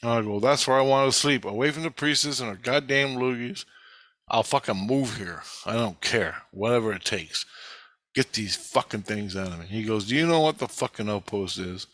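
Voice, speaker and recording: A man tells a long, rambling first-person story, swearing heavily and growing more agitated as he goes. His voice is bright and forceful, and he quotes the people in his story without changing his own voice. The recording is dry and close. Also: mid-range voice, moderate pace, no echo. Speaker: vlogger recounting experiences.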